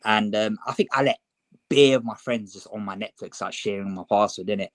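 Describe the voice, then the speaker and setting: Young man, low voice, dry close sound, casual podcast chat. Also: a little fast, dry recording, poor audio. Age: young adult. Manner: relaxed, chatty, many fillers. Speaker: podcast co-host.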